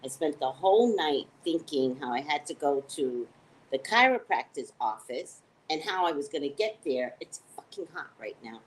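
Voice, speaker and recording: A woman's voice: moderate pace, a little hiss or hum, low-quality recording. A woman, a psychic hosting her own live morning show, chatting casually, rambling, swearing freely and joking at her own expense. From United States. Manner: rambling, profane, self-mocking, digressive; animated, swings into high excited tones. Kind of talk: casual live-stream chat.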